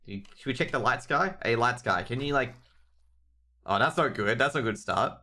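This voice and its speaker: An Australian man calls a live esports match in a bright, forceful voice at an ordinary mid pitch. He rambles and cracks jokes at the chat between plays, drifting off topic before snapping back to the game. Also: animated, normal speed. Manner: rambling, joking banter with chat. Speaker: esports caster.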